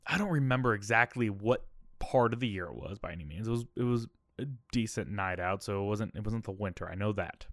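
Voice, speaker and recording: A man's voice: lowish voice, a little fast, fairly bright tone, dry recording, studio quality. A man around thirty, a podcast host telling a personal story in a candid, rambling way, often checking in with "okay?" and "all right?".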